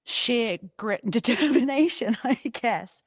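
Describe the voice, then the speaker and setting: A woman guest chatting casually in an interview, an animated storyteller who laughs often. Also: fairly high pitch, unhurried, no echo, clean studio sound. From England.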